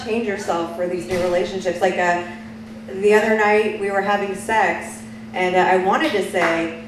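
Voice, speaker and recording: A woman with a fairly low voice delivers deadpan, confessional stand-up. The sound is very echoey and distant, with clear background noise. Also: moderate pace. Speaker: stand-up comic. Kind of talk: stand-up comedy set. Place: small bar lounge stage. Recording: echoey room, mic far off, noisy.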